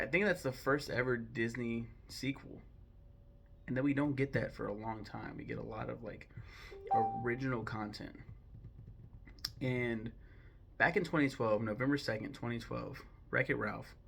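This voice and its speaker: Gravelly young man, chatty film ranking. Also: mid-range voice, fairly bright tone, a little hiss or hum. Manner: chatty, digressive, many ums and self-corrections. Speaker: host ranking films. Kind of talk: casual opinionated commentary.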